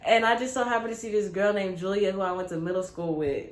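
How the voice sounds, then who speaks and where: A young woman vlogger telling a casual, animated story with lots of slang. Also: medium pitch, fast. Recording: roomy with faint ambience.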